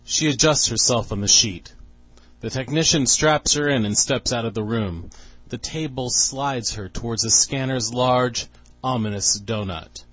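A man reading a short story aloud in a measured, sparse way. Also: medium pitch, fairly bright tone, dry recording, highs cut off. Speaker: podcast contributor reading his story.

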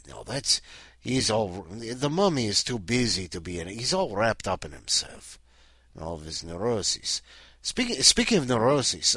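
A man hosts in character as Count Dracula, a male vampire host who rambles, jokes, makes puns and fills his speech with fillers. His mid-range voice is a bit bright and husky, recorded at studio quality with no echo.

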